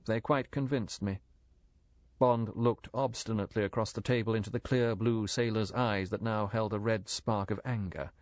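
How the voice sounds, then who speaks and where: A man narrating an audiobook in a measured, clear reading. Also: on the low side, steady tone, a little mellow, no room sound. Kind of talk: audiobook narration with character voices.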